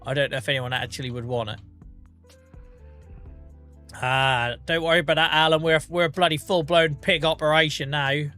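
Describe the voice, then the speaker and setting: A man's voice: a little high, steady tone, normal speed, pauses often, sharp tone, soft background music. A man with a Norfolk accent, chatting casually to his live-stream viewers while gaming, self-mocking and laughing often.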